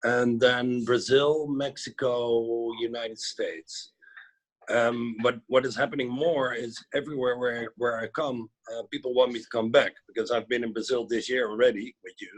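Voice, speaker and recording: A man's voice: mid-range voice, steady tone, moderate pace. A man from the Netherlands with a Dutch accent, a guest instructor in a casual video call interview, talking in a chatty, hesitant way. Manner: chatty, hesitant, with lots of "you know, like" fillers.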